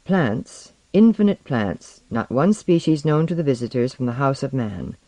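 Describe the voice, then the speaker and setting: An audiobook narrator giving a measured, lyrical reading of literary fiction. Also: medium pitch, lively intonation, dark tone, no echo. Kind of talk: scripted narration.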